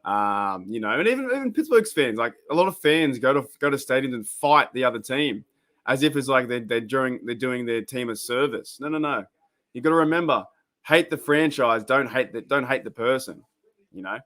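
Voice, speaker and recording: The host of this live sports reaction stream is an Australian man who rambles in a casual, chatty way and gets excited at the plays. He speaks at normal speed in a mid-range voice.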